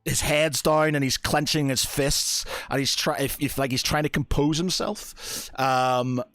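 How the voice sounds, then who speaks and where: A man's voice: medium pitch, fairly even intonation, a little slow, fairly bright tone, dry recording. A man narrating as game master of a tabletop game, hesitant and full of fillers.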